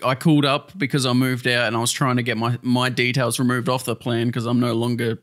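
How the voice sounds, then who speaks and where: A man's voice: medium pitch, little pitch movement, brisk, fairly bright tone. A man co-hosting a podcast, chatting casually in a blunt, heated way and swearing heavily. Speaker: podcast co-host. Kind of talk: casual chat.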